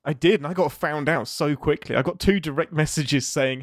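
A man's voice: fairly high pitch, moderate pace, no echo, clean studio sound. A young English man with an English accent, co-hosting a casual podcast chat, playful and laughing often. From England. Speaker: co-host, writer.

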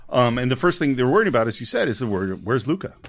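A man co-hosting a casual film podcast, walking through scenes and explaining them like a storyteller. His pitch moves in a lively, expressive way. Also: fast. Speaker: podcast co-host. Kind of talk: casual chat about a film.

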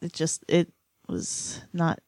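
A woman's voice: takes it slowly, a little mellow, no room sound, studio quality. Giggly woman on a podcast. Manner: giggly, chiming in with short agreements. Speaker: podcast co-host. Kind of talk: casual chat recapping a TV episode. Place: podcast studio.

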